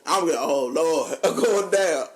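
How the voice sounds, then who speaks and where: A man, a podcast co-host telling funny stories in casual chat, animated and laughing often. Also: a little slow. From North Carolina. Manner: animated, laughing often, drops low for quoted voices. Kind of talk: casual storytelling.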